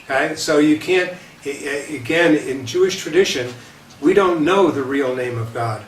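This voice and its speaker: A man's voice: a little high, moderate pace. A man, a rabbi, giving a lecture with light humor, talking conversationally and often checking in with "okay?" and repeating himself. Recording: roomy echo, distant mic, faint hiss.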